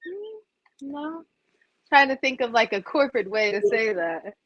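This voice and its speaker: A woman's voice: fairly high pitch, very animated, moderate pace, no room sound, muffled recording. A woman host chatting casually, curious and asking question after question. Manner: curious, quizzing. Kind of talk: casual chat.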